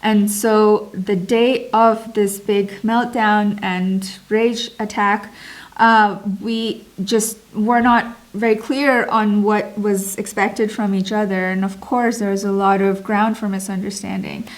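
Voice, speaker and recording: A woman, a mother, telling a personal story in an earnest, expressive vlog, stretching words for emphasis. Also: medium pitch, takes it slowly. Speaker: mom vlogger.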